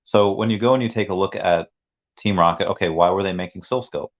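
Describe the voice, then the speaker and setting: A man's voice: deep voice, a little fast. A man on a casual livestream, rambling through a long story with many restarts and asides to chat. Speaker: streamer. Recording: dull lo-fi sound.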